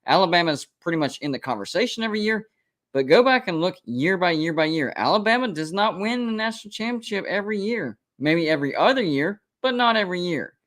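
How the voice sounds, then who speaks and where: A man's voice: high-pitched, expressive, fast talker, fairly bright tone. A man hosting a live college football stream, talking casually, emphatic and repetitive as he defends his predictions. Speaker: college football show host. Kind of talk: live-stream sports commentary.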